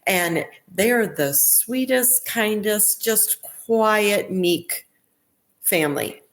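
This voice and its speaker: A woman's voice: medium pitch, animated, very slow. A woman who is a neonatal nurse practitioner, telling stories in a podcast interview, retelling past talk and often restarting her sentences. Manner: recounts events with quoted dialogue and restarts. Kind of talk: conversational interview storytelling.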